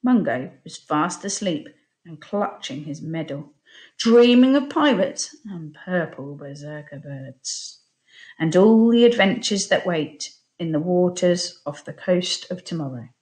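A woman teacher reading a children's picture book aloud in an expressive storytelling voice. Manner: expressive, slow storytelling with lively pitch. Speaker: primary school teacher.

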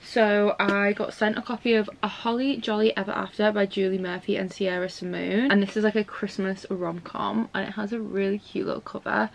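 A young woman chats to a camera in her home library, easygoing and excitable, scattering "like" and "um" through her talk. Her voice sits in a middling register, and a faint hiss runs under the recording. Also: mid-range voice, a little fast, gravelly, hardly any pauses. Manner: chatty, fills talk with "like" and "um"; gushing, squeals with delight. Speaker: book vlogger. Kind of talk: casual chat to camera. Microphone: camera mic.

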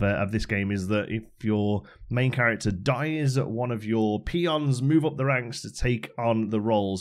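A man hosting a game channel, giving chatty playthrough commentary and thinking aloud as he plays. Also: mid-range voice.

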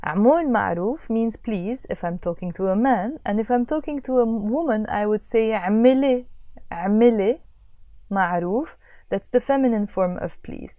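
A woman teaching a language lesson, patiently explaining and repeating phrases slowly. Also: on the high side, warm tone, no echo, studio quality.

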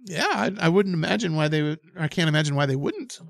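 A hoarse man hosting a live gameplay stream, excitable, laughing often and reading chat aloud. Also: on the high side, fast talker, no echo. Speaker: livestream host.

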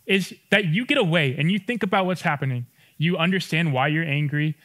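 A young man giving a youth sermon in a relaxed, conversational way, often checking in with his listeners. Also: fairly high pitch, a little fast. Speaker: youth pastor.

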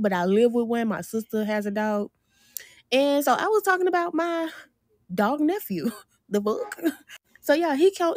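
A woman with a fairly high voice telling an animated storytime straight to her viewers, laughing between lines and calling out to them often. The sound is close and dry. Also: dry recording. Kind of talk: storytime vlog.

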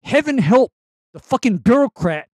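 A man co-hosting a podcast in casual banter, building a slow, deliberate rant against authority. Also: extremely high pitch, sing-song, dry recording. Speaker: podcast co-host.

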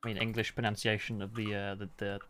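A man streaming a video game, chatting in a relaxed, halting way and laughing easily. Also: lowish voice, a little hiss or hum. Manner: relaxed, halting, chuckles often. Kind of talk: casual gaming chat.

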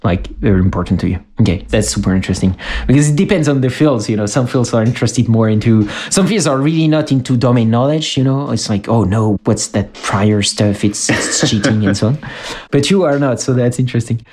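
A man hosting a podcast, reacting eagerly to his guests and asking follow-up questions. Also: fast talker. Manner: eager, with lively swings in pitch when reacting. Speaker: podcast host. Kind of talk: interviewing guests.

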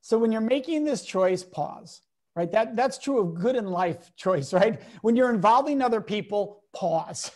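A man's voice: sits high, a little slow. A man speaking as a guest educator in an interview, talking emphatically and acting out quoted remarks from anecdotes. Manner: emphatic, lively, acts out quotes in different voices. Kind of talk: animated interview talk with acted-out anecdotes.

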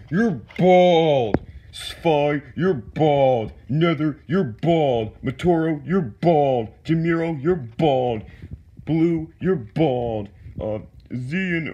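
A man with a mellow, dark tone teases everyone one by one in a slow, deadpan voice. He talks at an unhurried pace. The audio is dull and lo-fi, with a faint hiss. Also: medium pitch. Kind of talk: comedy skit.

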